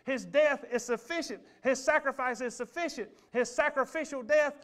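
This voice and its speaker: A man preaching a sermon in a church, animated and calling out to the congregation. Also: extremely high pitch, moderate pace. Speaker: pastor. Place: church sanctuary.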